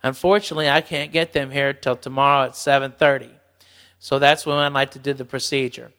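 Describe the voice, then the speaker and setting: Gravelly man telling a halting story. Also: mid-range voice, fairly even intonation, fairly bright tone, long reverb tail. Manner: rambling, halting, swearing. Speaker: podcast host. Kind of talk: storytelling, casual talk.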